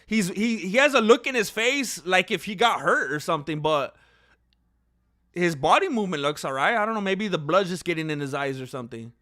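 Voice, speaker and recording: Young man, high voice, bright tone, casual live fight reaction, opinionated. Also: a little fast. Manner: opinionated, talks to viewers, gets loud when excited. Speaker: fight watch-along commentator.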